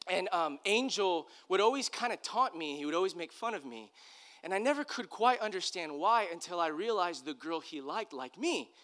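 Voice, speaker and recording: A pastor, a man, preaches in an easy, conversational style. His voice sits a little high and rings bright and forceful. He talks earnestly and loosely, restarting his sentences as he goes. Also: animated, normal speed. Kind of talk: conversational sermon storytelling.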